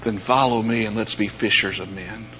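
A man preaching a sermon, dropping to near-whispers and then rising to loud, emphatic peaks. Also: fairly low pitch, steady tone, moderate pace. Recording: dull lo-fi sound with faint mains hum.

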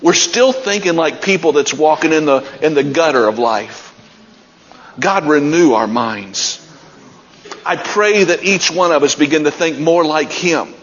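A man's voice: on the high side, measured pace, a bit bright, a little hiss or hum. A man preaching a sermon, retelling scripture stories with building intensity. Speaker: pastor. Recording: dull sound with long hall reverb.

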